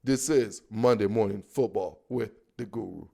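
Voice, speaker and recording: A young man with an African accent hosting a football podcast, riffing in slangy, animated casual talk and stretching words out for emphasis. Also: lowish voice, normal speed, creaky, hardly any pauses, music in the background. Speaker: podcast host.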